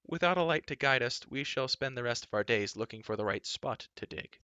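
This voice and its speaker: A man's voice: mid-range voice, expressive, a little fast, pushed and bright, smooth, dry recording, dull audio. A man voicing a wry, talkative male bard in a storybook reading.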